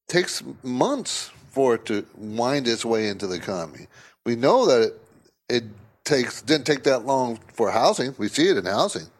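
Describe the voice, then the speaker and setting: A man hosting a call-in finance talk show, speaking emphatically and conversationally, often repeating himself for stress. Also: mid-range voice. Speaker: radio show host.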